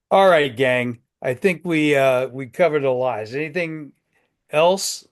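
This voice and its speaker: A man in his sixties hosts a business networking group over a video call. His voice sits a little high, and he talks in a folksy, joking way, often repeating himself. It sounds like a casual chat among regulars. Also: slow.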